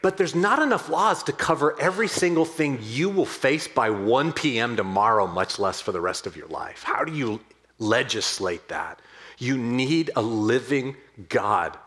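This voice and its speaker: A man preaching a sermon in a conversational, animated way, swinging between hushed and excited and addressing the congregation directly. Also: medium pitch, unhurried. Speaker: pastor.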